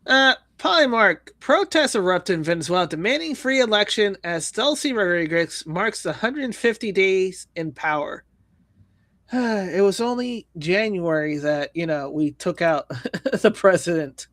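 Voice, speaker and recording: A man's voice: high voice, lively intonation, measured pace, fairly bright tone, dry recording. A man hosting a livestream, reading viewer comments and news aloud with sarcastic jokes. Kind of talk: casual news roast chat.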